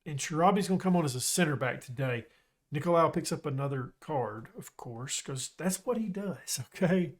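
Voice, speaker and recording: Chatty excitable man commentating a game. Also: a little high, normal speed. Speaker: gaming YouTuber.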